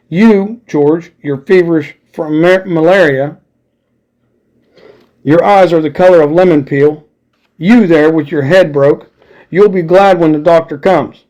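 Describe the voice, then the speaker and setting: A man's voice: a little high, a little slow, darkish tone, close to an everyday voice. A man doing a crafty blustering pirate captain. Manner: blustering, wheedling sailor talk.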